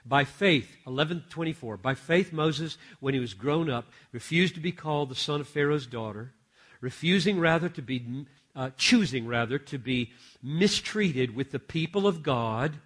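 A man's voice: fairly high pitch, lively intonation, normal speed. Emphatic male preacher with big dynamic swings. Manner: dynamic, swings from hushed asides to loud emphatic exclamations. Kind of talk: sermon.

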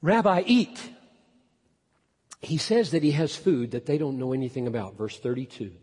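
A man preaching an expository sermon, emphatic, climbing to loud peaks and then dropping low. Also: animated, moderate pace, husky. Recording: long hall reverb.

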